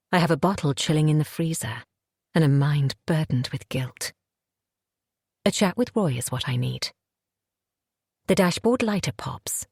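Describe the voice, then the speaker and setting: A woman narrates a thriller in a low, husky voice, her first-person telling tense and haunted. The studio sound is close and completely dry. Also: a little mellow, no echo. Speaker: audiobook narrator.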